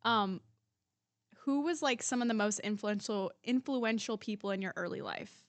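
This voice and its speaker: Young woman podcast host, middle-pitched, dry studio sound, short quick questions. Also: no echo. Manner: quick prompts and ready laughter. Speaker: podcast host, daughter interviewing her father. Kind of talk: casual interview chat.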